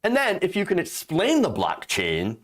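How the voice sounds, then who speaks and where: A man's voice: sits high, wildly swooping pitch, normal speed. A man hosting a political commentary show, sarcastic and exasperated, mocking what he reads and swearing freely.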